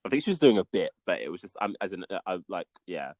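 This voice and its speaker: A podcast co-host in casual chat, hesitant and soft-spoken, with many restarts. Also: low voice, sing-song, fast, no echo.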